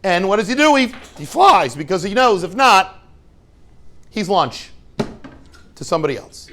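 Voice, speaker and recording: A man's voice: high-pitched, very animated, normal speed, a bit bright. A man, a rabbi giving an informal, joking lesson to his students and tossing questions at the class.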